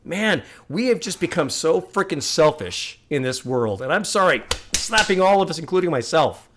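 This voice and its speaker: A man hosting a music reaction video, talking in earnest, musing and at times getting heated and loud. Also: a little high, animated, moderate pace, background noise. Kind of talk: casual reaction commentary.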